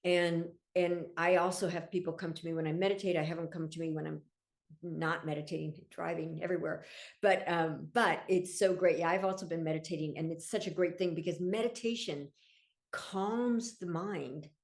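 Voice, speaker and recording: A middle-aged woman, a podcast guest and coach, talking in an enthusiastic, gently explanatory way and laughing easily. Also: on the low side, fairly even intonation, fairly quick. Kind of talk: casual interview chat.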